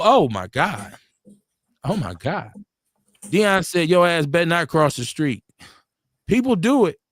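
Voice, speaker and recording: A man's voice: fairly high pitch, fairly bright tone, dry recording, studio quality. A middle-aged man from Milwaukee hosting a casual live-stream talk show, telling street stories with blunt, profane slang. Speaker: radio show host.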